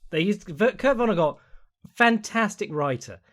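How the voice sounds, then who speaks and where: A man hosting a solo podcast, reading out listener questions and answering in a rambling, chatty way with quick asides. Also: sits high, expressive, fairly bright tone. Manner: mimics people in quoted voices. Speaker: podcast host.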